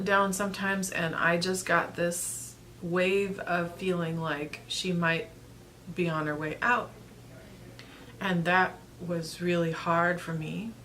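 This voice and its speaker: Woman vlogger, thirties, slightly low voice, rambling and earnest, light background noise. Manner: earnest, rambling, with frequent restarts and soft laughs. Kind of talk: casual storytelling to camera.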